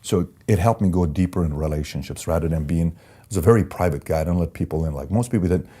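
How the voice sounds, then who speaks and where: A man who is an entrepreneur, being interviewed and telling candid stories in an animated, emphatic way that repeats key phrases. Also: deep voice, fast talker. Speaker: entrepreneur guest.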